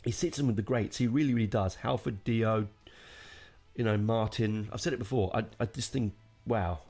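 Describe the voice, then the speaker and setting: Rambling, enthusiastic man with a low voice. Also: moderate pace, darkish tone, faint music behind. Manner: enthusiastic, digressive, swears casually, many fillers. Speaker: podcast host reviewing a metal album. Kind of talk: casual rambling review.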